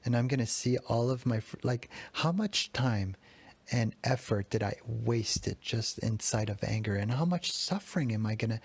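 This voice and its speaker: A man's voice: medium pitch, moderate pace, darkish tone, husky. A man in his thirties hosting a solo confessional podcast, talking in a raw, self-critical way and swearing often. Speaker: podcast host.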